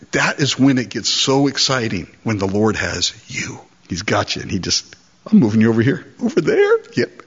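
A man preaching a sermon as pastor, lively and acting out little dialogues as he goes. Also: medium pitch, dull audio. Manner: animated, acts out dialogues with God.

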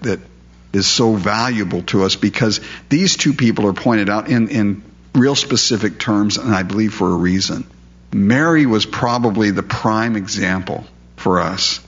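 This expository sermon comes from a pastor whose voice runs low with a fairly bright tone, captured on dull lo-fi audio. He works through the text verse by verse in a conversational way, frequently asking listeners rhetorical questions.

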